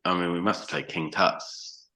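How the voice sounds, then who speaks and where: Deep-voiced guy rambling through old tour stories, lots of "like" and "you know". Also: steady tone, moderate pace, sharp tone, rough recording. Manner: chatty, swears freely, many fillers. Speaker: podcast guest, band frontman. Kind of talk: casual storytelling chat.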